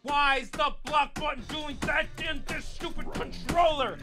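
A man streaming a fighting game live, swearing and shouting in frustration as he plays. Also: very high voice, fairly even intonation, unhurried, over music. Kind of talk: live gameplay commentary.

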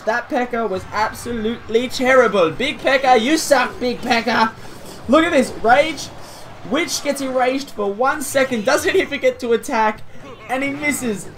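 Woman, gameplay commentary, casual and excitable, teasing, slightly high voice, faint music behind. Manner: excitable, teasing, chuckling at the opponent. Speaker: gaming video host. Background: faint game music.

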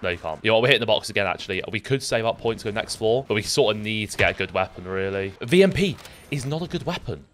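A young man commentating his own gameplay, excitable, swearing and talking to himself. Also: lowish voice, fast, slight background noise. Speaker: gaming YouTuber.

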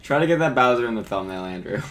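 A man hosting a let's play video and playing the game, laid-back, reacting with quick exclamations and casual swearing. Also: mid-range voice, animated, fairly bright tone. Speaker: let's play host and player. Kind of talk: casual gaming chat.

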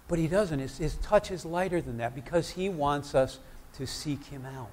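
A man's voice: fairly high pitch, moderate pace, a little mellow, slight background noise. A man preaching a sermon in church, talking conversationally and asking the congregation questions.

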